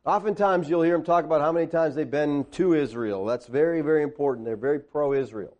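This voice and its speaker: Man, preacher, conversational sermon, animated, sarcastic, fairly high-pitched. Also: a little fast, dull audio. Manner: animated, sarcastic asides, questions to the audience. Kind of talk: conversational sermon-style teaching.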